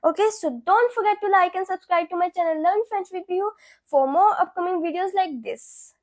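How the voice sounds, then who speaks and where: A woman's voice: very high voice, brisk, a little mellow. A young woman from India, teaching a beginner French lesson and repeating each phrase twice.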